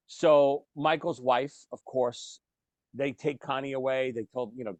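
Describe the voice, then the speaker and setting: A man's voice: medium pitch, normal speed, no room sound, dull audio. A man co-hosting a casual podcast, talking animatedly about films and acting out lines. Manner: animated, swears casually, acts out movie lines. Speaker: podcast co-host. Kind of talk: casual chat.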